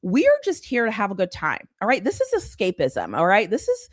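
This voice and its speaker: A woman in her young adult years chats to her live audience in a loose, rambling way, circling back to the same lines over and over. Her voice leaps up and down in pitch. The sound is close and dry. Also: brisk, dry recording. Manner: excited, rambling, repeats herself. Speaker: live stream host. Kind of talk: casual live-stream chat.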